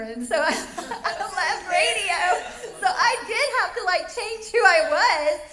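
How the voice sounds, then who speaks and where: A woman with a high voice tells animated stories in a casual panel chat, laughing often as she goes. Her voice rings through an echoey convention room. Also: moderate pace. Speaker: voice actor and former radio DJ.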